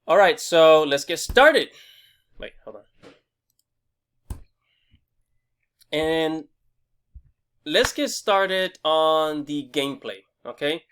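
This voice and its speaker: Young man, excitable, rambling, swears a lot, casual game review vlog, slightly high voice. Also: drawn-out words, pauses often, clear, resonant tone. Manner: excitable, rambling, swears freely, many fillers and restarts. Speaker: gaming video host.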